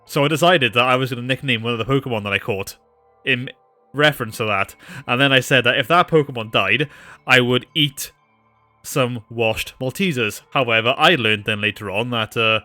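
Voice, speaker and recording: Bright-toned man rambling on stream. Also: mid-range voice, no echo. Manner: rambling anecdotes with many fillers and laughs. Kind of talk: casual live-stream chat.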